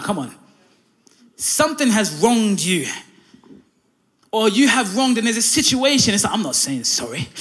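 A male pastor with a notably high voice delivers a sermon to a live congregation in a church. He preaches in a conversational way, breaking up his points with "uh" and "listen.". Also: a bit bright.

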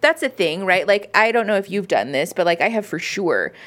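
A woman's voice: mid-range voice, sing-song, a little fast, a bit bright. A young woman co-hosting a podcast, joking and chatting casually with frequent "like" and laughter. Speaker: podcast co-host. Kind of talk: casual chat.

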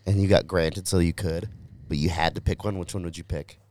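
A man's voice: sits low, fairly even intonation, a little fast, a little mellow. A man co-hosting a casual podcast, joking crudely and trying out mock accents. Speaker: podcast co-host. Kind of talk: casual banter.

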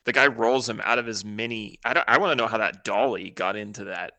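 A man co-hosting a podcast, interjecting with jokes and quick laughs. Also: fairly low pitch, pushed and bright. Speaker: podcast co-host. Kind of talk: casual chat.

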